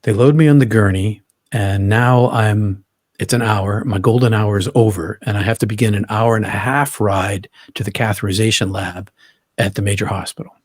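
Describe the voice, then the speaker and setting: Husky middle-aged man telling his story. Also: lowish voice, steady tone, moderate pace, dry recording, studio quality. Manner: earnest, vivid retelling with frequent restarts. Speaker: guest. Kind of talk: personal storytelling in an interview.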